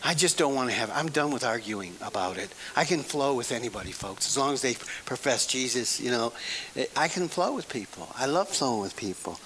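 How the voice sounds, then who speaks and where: A man's voice: mid-range voice, animated, fairly quick, a bit bright, poor audio. A male preacher giving a folksy, emphatic sermon, repeating phrases and often breaking into laughter.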